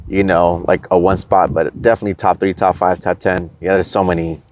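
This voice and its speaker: A man's voice: sits low, level tone, a little fast. A man from the United States, a podcast guest, chatting casually and with enthusiasm about travel.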